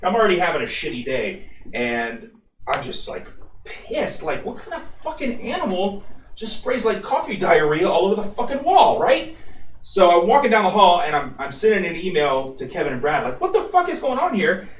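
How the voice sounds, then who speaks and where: A man co-hosting a radio after-show, telling a story in an animated, profane way. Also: high voice, moderate pace, slight background noise. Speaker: radio co-host. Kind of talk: casual storytelling chat. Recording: echoey room, mic at a distance.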